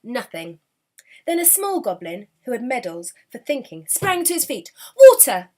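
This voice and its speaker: Woman, storyteller, children's book read-aloud, expressive, animated, lively pitch. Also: moderate pace.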